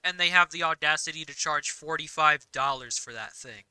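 A young woman gaming host rants and rambles with exasperated energy, her voice bright and clear. The sound is dry and close, picked up on a voice chat mic. She sits a touch high in pitch. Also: no room sound, poor audio. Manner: rapid, rambling, exasperated ranting. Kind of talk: casual gameplay chat.

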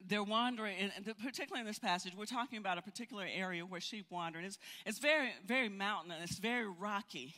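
An older woman teaching a Bible study, telling stories in an animated way and often repeating words. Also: medium pitch, fast, hardly any pauses. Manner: animated, storytelling with frequent repeats. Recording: hall reverb.

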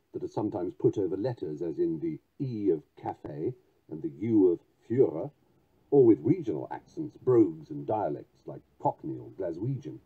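A man reading a poetry textbook aloud, measured and precise, spelling out word stress as he goes. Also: lowish voice, slightly rough. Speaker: audiobook narrator. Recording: tinny phone-like lo-fi audio.

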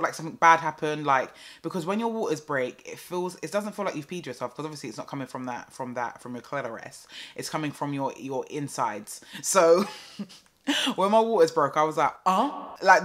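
A young woman telling a story casually to camera, chatty and animated with lots of fillers and repeats. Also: low-pitched. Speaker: vlogger.

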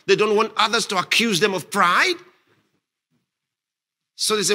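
Pastor guy preaching, high bright voice, jumps around a lot, kinda husky, gets loud on the big lines. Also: measured pace. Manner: emphatic, rising to shouts on key lines; reads scripture aloud and asks the congregation questions. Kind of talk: sermon. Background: congregation responding.

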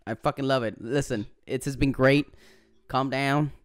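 Man host, casual and profane, mid-pitched voice, dry close recording. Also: steady tone, moderate pace, no room sound. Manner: laid-back, profane, laughs often. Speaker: podcast host. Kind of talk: casual interview chat.

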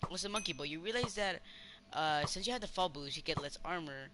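Excitable man talking through his gameplay. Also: fairly high pitch, brisk, noisy background. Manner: excitable, rambling self-talk with cheering. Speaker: gamer. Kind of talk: casual gameplay commentary.

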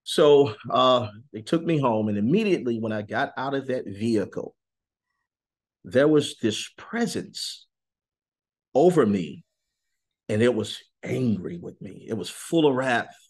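A man giving an earnest, intense testimony in a sit-down interview, slowing on key words and rising suddenly in pitch and volume. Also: expressive. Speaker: interview guest.

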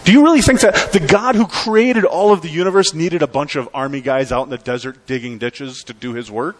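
A male pastor preaching a sermon in a conversational, emphatic way, with dramatic pauses. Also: a little high.

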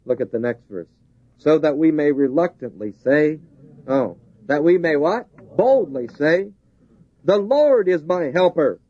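A man's voice: a little high, lively intonation, a little slow, breathy edge, no room sound. A man preaching a sermon, driving his points home with repeated, rising emphasis. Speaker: pastor. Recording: dull lo-fi 1970s tape.

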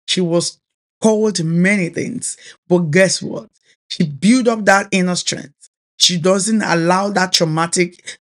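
A Nigerian-accented woman minister delivering a sermon with steady, earnest urgency. She exhorts her listeners and drives her main points home by repeating them. Her first language is Yoruba. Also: on the low side.

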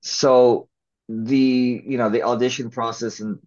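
A male actor and filmmaker in a casual interview, talking in a relaxed, rambling way with many fillers and restarts. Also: medium pitch, a little slow. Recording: slightly dull lo-fi audio.

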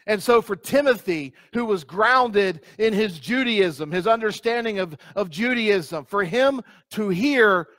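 A man with a high-pitched voice preaches a sermon as pastor, stressing and repeating key phrases and putting questions straight to his listeners. He reads scripture aloud in old-fashioned wording. The recording is dry, with no room echo. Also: animated, unhurried, few pauses, fairly bright tone. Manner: asks the congregation direct questions.

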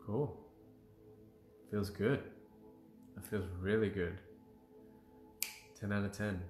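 A man with a lowish voice leads a livestreamed healing session, speaking slowly and calmly through breaths and affirmations. His voice carries a roomy echo, with soft music faintly behind it. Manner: slow, calm guided breathing with frequent sighs and affirmations. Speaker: emotional clearing practitioner leading a live session.

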